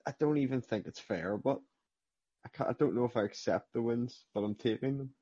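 A man's voice: mid-range voice, brisk, warm tone, no echo. A man guesting on a podcast as a sim racing driver, modest and hesitant in casual chat. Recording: dull dry lo-fi mic.

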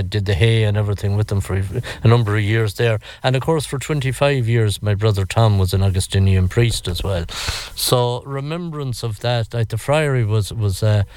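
A man's voice: lowish voice, a little mellow. An older Irish man telling stories from his past in a rambling, reflective interview. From Ireland. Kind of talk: reflective storytelling.

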